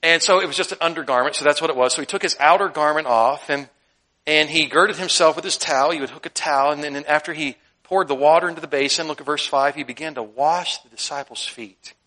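A male pastor preaches in a bright, forceful voice pitched a little high. He mixes scripture readings with humorous, animated asides and frequent laughter. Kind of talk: sermon.

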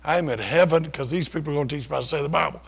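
A man's voice: on the high side, rapid-fire. An older man preaching, telling his own story in a folksy, self-deprecating, conversational way. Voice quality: gravelly, husky. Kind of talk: sermon testimony storytelling.

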